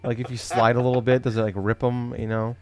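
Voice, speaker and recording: A man's voice: mid-range voice, little pitch movement, fast, crowd noise. A man hosting a podcast in casual chat, joking and laid-back, swearing freely. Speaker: podcast host.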